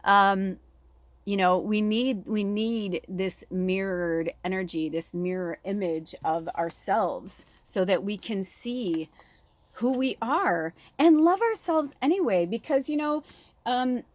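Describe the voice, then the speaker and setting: A woman's voice: mid-range voice, takes it slowly, no echo. Chatty spiritual woman, dry close sound. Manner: candid, swears freely, laughs often, animated. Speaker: spiritual medium and oracle reader. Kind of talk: rambling personal chat.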